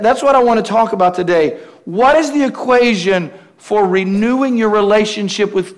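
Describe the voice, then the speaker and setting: A man preaching a sermon in a conversational way, often putting questions to the congregation. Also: high-pitched. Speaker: pastor.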